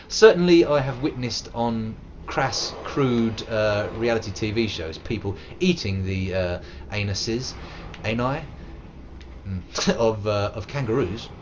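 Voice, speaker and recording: A man's voice: on the low side, takes it slowly, muffled recording, a little hiss or hum. An English man in his thirties, rambling playfully as he streams a game live and chats with viewers. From England. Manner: playful, rambling, bursts into silly put-on voices. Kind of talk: live gameplay commentary.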